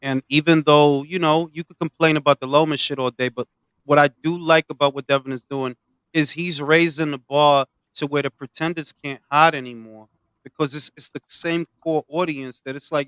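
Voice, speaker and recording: A man co-hosting a casual boxing talk show, animated and profane, full of street slang. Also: on the high side, moderate pace, clear, resonant tone, dry recording, rough recording. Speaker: podcast co-host.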